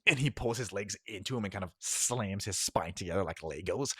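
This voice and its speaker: A man's voice: lowish voice, fairly quick, sharp tone, husky, no room sound, clean studio sound. A man narrating as game master of a tabletop game, casual and full of filler ums.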